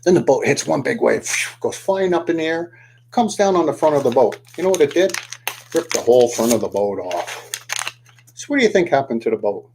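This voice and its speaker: A man telling a tale out loud, animated and full of questions to the listener. His pitch leaps up and down in a mid-range voice. Faint noise and small clicks sit under him while he folds paper. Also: a little fast, vocal fry. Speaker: storyteller. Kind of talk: oral storytelling to the camera.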